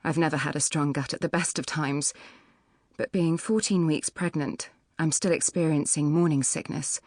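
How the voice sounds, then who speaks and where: A woman narrating a novel in the first person with a measured, even storytelling delivery. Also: low voice, dry recording, studio quality. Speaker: audiobook narrator. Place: recording studio.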